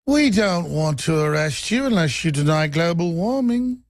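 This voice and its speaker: A man's voice: fairly high pitch, animated, gravelly, no room sound, studio quality. A man doing a smug drawling liberal man. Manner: slow, languid, condescending drawl.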